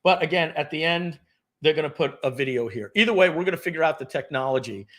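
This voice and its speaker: A middle-aged man hosting a live webinar, pitching software with energetic, salesy talk, often clearing his throat and restarting sentences. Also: fast talker. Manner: energetic, salesy, talks to viewers as folks. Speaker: webinar host presenting software.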